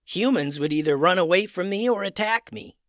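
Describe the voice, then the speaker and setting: Guy doing a shy little cave troll kid, kind, kinda halting, storybook voice, higher. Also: lively intonation, no room sound, studio quality. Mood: timid, gentle. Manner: hesitant, gentle, with filler sounds.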